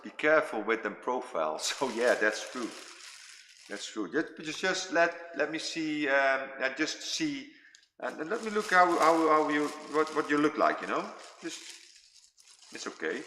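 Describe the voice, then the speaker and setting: A man's voice: medium pitch, bright, forceful tone, a little hiss or hum. A man in his fifties hosting a casual livestream chat with viewers, rambling and repeating himself as he eats while he talks. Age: 50s. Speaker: livestream host chatting with viewers. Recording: echoey room with long reverb.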